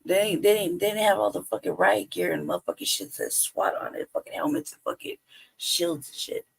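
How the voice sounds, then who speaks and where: Gravelly, husky woman ranting with laughter. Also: lowish voice, huge pitch swings, brisk, no echo, rough recording. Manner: laughing, sarcastic, rhetorical questions. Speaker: livestream commentator. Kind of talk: profane casual commentary. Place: home livestream.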